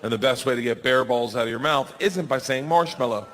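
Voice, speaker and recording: A man in his forties telling a stand-up story, animated and yelling his punchlines, on a stage mic. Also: medium pitch, fairly quick, a little hiss or hum. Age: 40s. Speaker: stand-up comedian. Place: large comedy venue. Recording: live stage mic with hall reverb and faint ambience.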